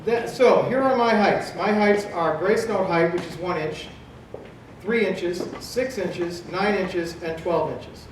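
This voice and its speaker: A man in his fifties giving a live drum clinic at a convention, animated and asking the audience questions that he then answers himself. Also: high voice, slow pace. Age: 50s. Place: large hall at a convention. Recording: very echoey hall, from a distance, with background noise.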